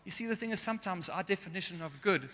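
A man's voice: high voice, lively intonation, fast, pushed and bright. A man preaching a sermon in an earnest way, sometimes getting emotional. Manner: earnest, gets emotional at times. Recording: long hall reverb.

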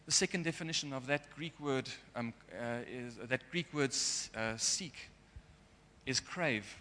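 A man's voice: mid-range voice, a little slow, pushed and bright, slight background noise. A man preaching a sermon in an earnest way, sometimes getting emotional. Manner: earnest, gets emotional at times. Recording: long hall reverb.

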